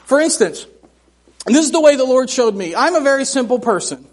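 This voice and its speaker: A middle-aged man preaching a sermon in a church, telling folksy, humorous stories in an animated way. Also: extremely high pitch, quick pace. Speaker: missionary preacher. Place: church sanctuary.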